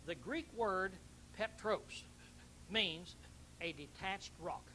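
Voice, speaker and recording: A man's voice: high-pitched, animated, slow, pauses often, pushed and bright, a little hiss or hum, low-quality recording. A man preaching a Bible teaching sermon, emphatic, repeating key words and questioning his listeners.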